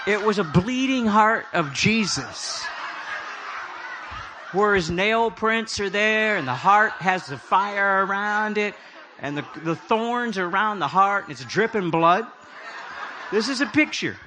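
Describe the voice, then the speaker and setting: A man's voice: high voice, expressive, a little slow, pushed and bright, slight background noise. A middle-aged man preaching a humorous sermon, telling stories with jokey, self-deprecating asides. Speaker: prophetic speaker.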